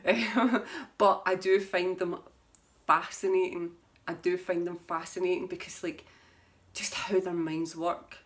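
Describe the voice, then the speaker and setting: A woman with a slightly low voice chats casually about her favourite books. She reads tarot and rambles from one thought to the next. She often laughs at herself. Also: steady tone, a little slow. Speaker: tarot reader. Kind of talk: casual book chat to camera.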